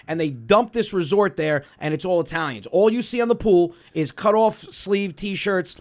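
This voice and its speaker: A man's voice: sits high, moderate pace, few pauses. A man with a New York accent hosting a comedy podcast, chatting loosely and telling stories with lots of fillers. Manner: animated, rambling storytelling with fillers. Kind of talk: casual comedy podcast chat.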